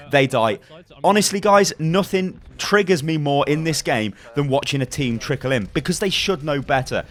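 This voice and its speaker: Worked-up man hammering home game tips. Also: fairly high pitch. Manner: emphatic, repetitive, worked-up. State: slightly hoarse. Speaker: gaming YouTuber. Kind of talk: fast-paced game tips guide.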